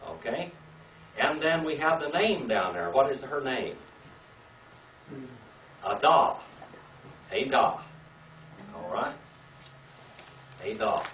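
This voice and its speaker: A man's voice: animated, takes it slowly, pauses often. An older man teaching a Hebrew class, spelling words letter by letter and coaxing students with frequent "okay?" checks. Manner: patient, coaxing, checks in with "okay?" and "all right?". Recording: roomy, distant, dull low-fi with faint hiss.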